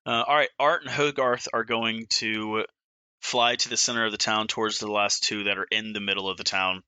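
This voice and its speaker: A man's voice: on the low side, steady tone, bright, forceful tone, smooth, dry recording. A man playing a comedic tabletop game, describing his character's moves with enthusiasm. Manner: enthusiastic, quick reactions. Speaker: player. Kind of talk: casual tabletop play.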